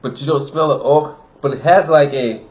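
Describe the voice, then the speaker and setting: A man's voice: a little high, normal speed, a little mellow, lo-fi sound. A man giving a casual wine tasting review, chatty and full of "you know" fillers, from Wisconsin.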